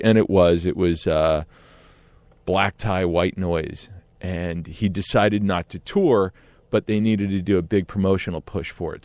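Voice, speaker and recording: A middle-aged man telling a casual story in an animated way, often laughing and acting out what others said. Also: sits low, no echo. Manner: animated, laughs often, acts out quoted voices.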